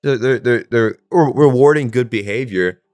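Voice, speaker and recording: A man's voice: mid-range voice, normal speed, no echo, studio quality. A young man co-hosting a podcast, telling school stories with lots of swearing and acted-out quotes. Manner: profane, animated storytelling, acting out quotes. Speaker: podcast co-host. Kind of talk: casual chat.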